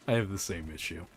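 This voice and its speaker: A man from the American South with a Southern accent, casually chatting while playing a game, rambling through animated asides. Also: medium pitch. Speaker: gameplay commentator. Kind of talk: casual gameplay chat.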